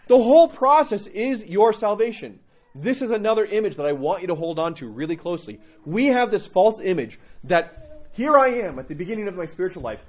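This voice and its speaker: A man preaching a conversational sermon as an Orthodox priest, telling stories and acting out quoted lines with animated swings. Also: fast. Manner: animated storytelling, acts out quotes with rising pitch.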